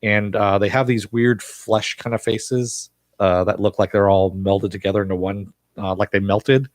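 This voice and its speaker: A man with a fairly low voice talks through a TV episode in a loose, rambling way, full of "uh" and "you know" and stray chuckles. The sound is dry and close, with no room echo. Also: level tone, normal speed. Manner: rambling, many fillers and chuckles. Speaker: TV episode reviewer. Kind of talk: casual live recap.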